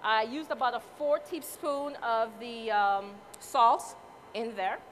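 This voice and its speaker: A woman's voice: a little high, slow pace, a bit bright, slight background noise. A woman from Saint Croix with a Crucian Caribbean accent, giving a chatty live cooking demonstration and joking with her audience. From Saint Croix, US Virgin Islands. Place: event hall with live audience.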